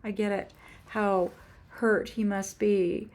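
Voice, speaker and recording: A woman in her seventies telling a heartfelt personal faith story on her own channel, halting and earnest with frequent restarts. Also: medium pitch, flat delivery, darkish tone. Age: 70s. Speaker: author and YouTuber. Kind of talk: personal faith testimony vlog.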